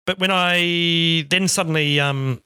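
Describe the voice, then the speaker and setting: A middle-aged man from Australia, an interview guest telling animated stories and acting out quotes. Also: fairly high pitch, takes it slowly, clear, resonant tone, dry recording, studio quality. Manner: animated, acts out quotes in storytelling. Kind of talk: casual storytelling.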